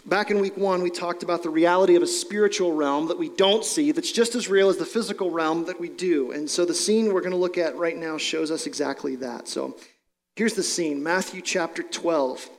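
A male pastor with a high voice preaches in a conversational, explanatory way. His voice carries a long reverb, as in a large church hall. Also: fairly quick. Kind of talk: sermon.

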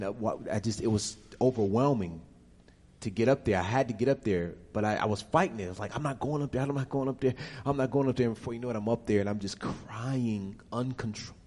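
Man telling an emotional testimony in a reverberant hall. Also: fairly low pitch. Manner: emotional, animated storytelling. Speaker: guest giving a testimony. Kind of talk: personal testimony and Q&A.

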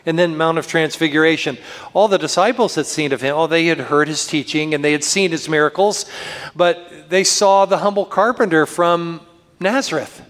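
A man pastor preaching a sermon, earnest and slowing down to lift his voice for scripture, recorded in a church. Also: a little high, fairly bright tone. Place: church sanctuary. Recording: long reverb of a church hall.

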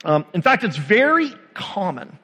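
A pastor delivers a sermon in a relaxed, conversational way, asking his listeners questions and pausing for effect. His voice sits a little high for a man and carries a long reverb from the church sanctuary around him. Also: breathy edge. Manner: conversational, with dramatic pauses and rhetorical questions.

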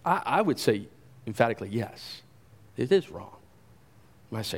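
A man's voice: mid-range voice, very animated, moderate pace, gravelly, long pauses. A man preaching a sermon, emphatic, asking rhetorical questions and doubling words as he stresses a point. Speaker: pastor.

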